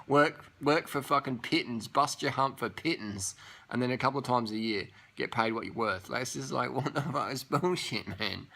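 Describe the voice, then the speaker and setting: Casting: young guy, bright forceful voice, profane scornful rant. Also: mid-range voice. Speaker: vlogger.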